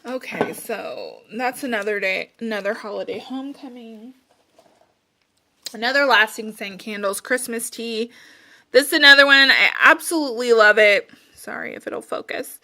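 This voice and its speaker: Bright-voiced chatty woman reviewing candle scents. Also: fairly high pitch, moderate pace. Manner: chatty, rambling, lots of fillers like "um" and "like". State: a little out of breath. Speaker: candle and wax melt reviewer. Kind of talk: casual chat.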